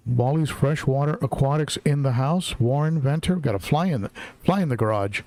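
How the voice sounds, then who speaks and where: A chatty middle-aged man hosting a casual live stream, reading out viewers' names one after another. His voice sits at an ordinary male pitch, and the recording is dry and close, with no room sound around it. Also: normal speed, a little mellow, no room sound. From Southern California. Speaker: livestream host. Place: home, in Tennessee.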